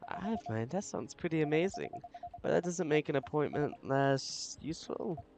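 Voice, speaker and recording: A man's voice: fairly high pitch, expressive, moderate pace, vocal fry, background noise. A man reading the lines of a friendly male barista in a visual novel, casual and kind, asking curious questions. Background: game music.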